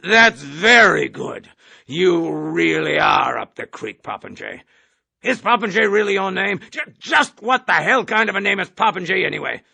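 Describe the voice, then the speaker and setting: A man's voice: sits high, lively intonation, normal speed, vocal fry, bright, forceful tone, exaggerated voice. A man voicing a blustering, bullying army major who barks and sneers through an interrogation.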